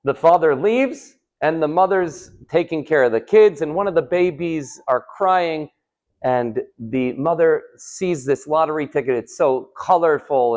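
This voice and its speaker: A man, a rabbi, giving a live Torah class, telling stories with rhetorical questions and Hebrew terms, swinging from loud to hushed. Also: a little high, muffled recording. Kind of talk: live sermon with storytelling. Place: synagogue hall.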